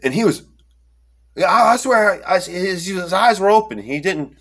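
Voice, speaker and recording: A young man telling a personal story in a rambling, animated way, with lots of fillers and restarts, and acting out the quotes. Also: high-pitched, moderate pace. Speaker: storyteller recounting an encounter. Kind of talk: casual first-person storytelling.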